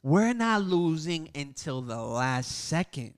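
A man co-hosting a casual podcast, telling a story with lively, loud acted-out quotes. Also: a little high, slow, clean tone. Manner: animated storyteller, acts out quotes loudly. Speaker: podcast co-host. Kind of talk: casual chat.

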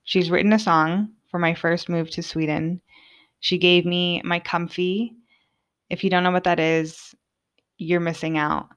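A woman's voice: fairly low pitch, fairly even intonation, unhurried, smooth. A young woman hosting a podcast, talking casually and from the heart, with lots of filler words. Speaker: podcast host. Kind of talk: personal monologue.

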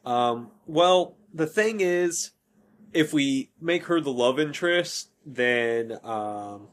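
A man's voice: a little high, expressive, takes it slowly, slight background noise. A man hosting a podcast in casual chat, rambling, correcting himself and laughing often. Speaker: podcast host.

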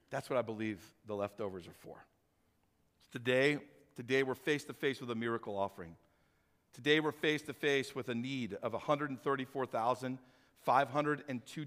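Bright-voiced energetic male preacher. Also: medium pitch. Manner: energetic, animated, addresses congregation directly. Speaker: pastor. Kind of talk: sermon. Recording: reverberant hall.

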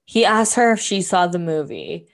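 A woman's voice: on the low side, expressive, moderate pace. A young woman chatting casually on a podcast, recapping a show and peppering her talk with "like" and swearing. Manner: rambling, heavy on "like", swears freely.

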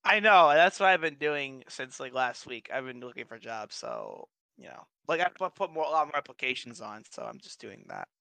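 A young man co-hosting a casual podcast, telling stories in an animated, profane way with frequent restarts. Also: medium pitch, moderate pace, vocal fry, few pauses, no room sound. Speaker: podcast co-host. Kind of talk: casual chat.

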